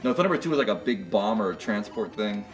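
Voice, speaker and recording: A young man co-hosting a charity stream, rambling and joking with lots of fillers. His pitch swings widely. He sits back from the mic with music playing softly behind. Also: animated, brisk, recorded from a distance. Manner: rambling and jokey, full of fillers. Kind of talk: casual livestream banter.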